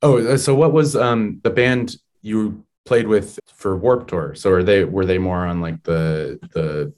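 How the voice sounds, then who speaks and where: A man interviewing a musician, asking relaxed questions and giving short affirmations as he listens. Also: deep voice, a little slow.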